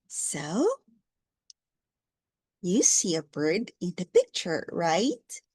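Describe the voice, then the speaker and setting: A woman teaching an English lesson to a young learner, speaking slowly, repeating words and praising often. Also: on the high side, darkish tone, breathy edge, dry recording, clean studio sound.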